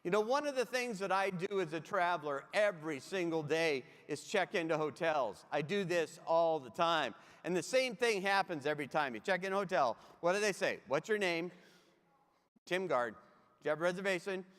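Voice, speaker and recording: A man with a high, bright-sitting voice tells funny travel stories as a keynote speaker. He talks right to the crowd with comic timing. His voice rings out with a long hall reverb behind it. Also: lively intonation, normal speed, few pauses. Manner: comic, anecdotal, addresses the audience directly. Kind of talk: humorous keynote storytelling.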